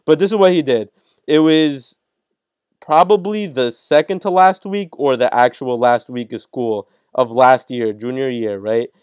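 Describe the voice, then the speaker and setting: A teenage man, a podcast co-host, excitedly telling a funny story on an online group call, swearing and laughing as he goes. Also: mid-range voice, measured pace, clean tone, dry recording, studio quality. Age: teens. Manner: animated, swearing, laughing at his own story. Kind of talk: casual storytelling.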